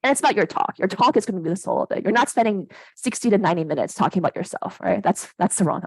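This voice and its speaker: A woman in her thirties lectures in a conversational, energetic way, tagging her points with quick questions to the room. Her voice sits at a middle pitch and sounds dry and close. She swings up and down as she makes each point. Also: breathy edge, no echo, low-quality recording. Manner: animated, conversational, keeps asking "right?". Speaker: academic workshop presenter. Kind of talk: casual lecture.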